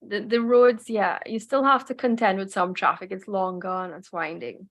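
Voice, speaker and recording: A woman's voice: medium pitch, fairly even intonation, moderate pace, fairly bright tone. Trinidadian woman, chatty guest. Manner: chatty, detailed, frequent restarts. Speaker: guest, journalist. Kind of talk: casual interview chat.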